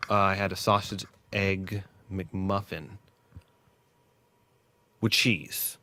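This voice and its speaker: Rambling man with a low voice. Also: steady tone, very slow, background noise. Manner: rambling, joking, loses his train of thought. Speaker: livestream host. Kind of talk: rambling casual chat. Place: workplace.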